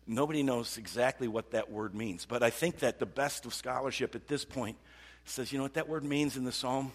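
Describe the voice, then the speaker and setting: A man preaching a sermon in an animated way, repeating words and swinging from loud outbursts to hushed tones. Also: medium pitch, a little fast. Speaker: pastor. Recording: long hall reverb.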